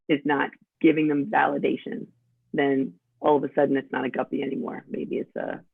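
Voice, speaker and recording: A woman's voice: sits low, gravelly, slightly rough, no room sound. A woman from New York with a New York accent, a guest talking in a chatty, straightforward way in a casual interview. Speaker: podcast guest. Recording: tinny phone-like line.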